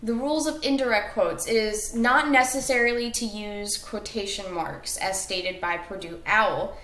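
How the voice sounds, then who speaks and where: A woman teacher explains a class lesson in a recorded video. She goes step by step, with some fillers and self-corrections. Her voice sits at a middle pitch and bounces around a roomy space. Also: normal speed, fairly bright tone.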